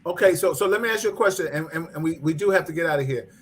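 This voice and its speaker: A man's voice: fairly high pitch, racing, a bit bright, slight background noise. A man co-hosting a talk show who keeps cutting in and repeats words as he tries to make his point. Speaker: podcast co-host.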